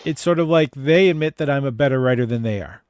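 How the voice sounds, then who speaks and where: A man, a stand-up comedian co-hosting a casual chat over a video call, speaking in a measured, reflective way with frequent hesitations. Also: mid-range voice, a little mellow, clear, resonant tone, no echo, studio quality.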